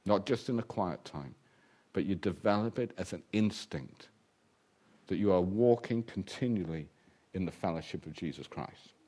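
A man preaching a sermon, lively and humorous, acting out the voices he quotes. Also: sits low, moderate pace.

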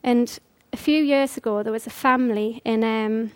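A woman's voice: fairly high pitch, fairly even intonation, normal speed, smooth. A woman preaching a conversational sermon, earnest and full of rhetorical questions.

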